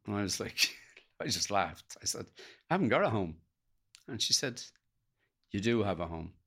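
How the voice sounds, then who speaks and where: Irish guy telling a story from his life, lowish gravelly voice, stops and starts, quotes people back. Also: fairly bright tone. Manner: gravelly, halting, retells dialogue in quotes. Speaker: guest. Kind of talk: emotional personal storytelling.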